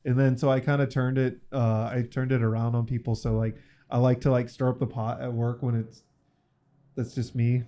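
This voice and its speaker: A man's voice: medium pitch, normal speed. A young man in casual podcast chat, telling stories with lots of swearing. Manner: animated storyteller, swears often.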